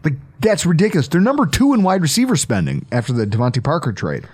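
A man's voice: fairly high pitch, huge pitch swings, fast, darkish tone, husky. A man hosting a casual sports podcast, joking, riffing and laughing as he talks. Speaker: podcast host.

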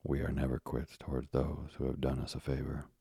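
Earnest generous young sailor, man reading, gravelly, dry sound. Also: very deep voice, completely flat delivery, a little fast, warm tone, no room sound, full character voice.

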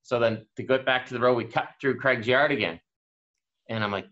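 A man's voice: medium pitch, moderate pace. A man from Atlantic Canada, a guest on a podcast, telling a casual story and acting out the people in it. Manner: energetic, acts out quoted voices. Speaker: sports broadcaster, podcast guest. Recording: slightly dull lo-fi audio.

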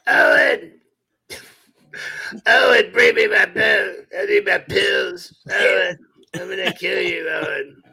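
A man putting on the shrill, wailing voice of a nagging old mother who screams for her son. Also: steady tone, takes it slowly, creaky, pauses often, bright, forceful tone, husky, exaggerated voice, low-quality recording. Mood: shrieking. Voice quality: screechy, wailing. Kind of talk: comic movie impression on a sports talk show.

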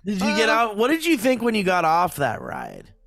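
A man's voice: high voice, wildly swooping pitch, moderate pace, gravelly, a bit bright, no room sound, clean studio sound. A man co-hosting a podcast, chatty, asking eager questions and swearing casually. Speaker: podcast co-host. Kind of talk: casual chat.

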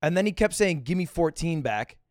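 A man with a fairly high voice that swings widely as he jokes through a story. He talks casually on a dry, close podcast mic. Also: brisk, no room sound. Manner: lively, joking, laughs between lines. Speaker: podcast co-host.

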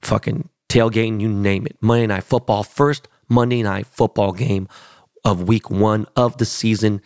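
A man's voice: on the low side, fairly even intonation, moderate pace, a little mellow, no room sound, studio quality. A man hosting a podcast, telling a boastful, profane story in casual chat. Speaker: podcast host.

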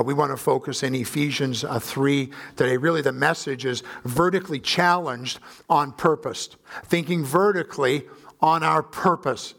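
A man preaching a guest sermon in a church, earnest and conversational, with frequent pauses and filler sounds. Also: fairly high pitch, creaky, a bit bright. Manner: earnest, many filler uhs and ums. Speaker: pastor. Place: church sanctuary.

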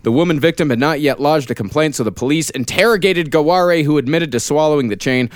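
A man's voice: fairly high pitch, quick pace, no room sound, studio quality. A man co-hosting a podcast, reading odd news stories aloud in a matter-of-fact way between casual banter.

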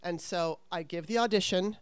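A woman's voice: lowish voice, moderate pace, clear, resonant tone, dry recording. A middle-aged woman, a former actress, candidly telling stories from her career in a frank, self-deprecating way, swearing freely. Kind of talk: candid conversational storytelling.

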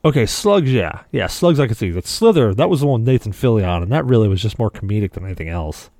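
A man's voice: fairly low pitch, very animated, quick pace, a little mellow, no room sound. A man co-hosting a casual podcast chat, rambling through stories and swearing freely. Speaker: podcast co-host.

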